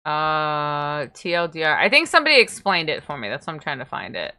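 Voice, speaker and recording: A woman's voice: low voice, sing-song, fairly quick, sharp tone, smooth. A young woman streamer chatting casually, rambling and tripping over her words. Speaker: VTuber streamer. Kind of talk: casual livestream chat.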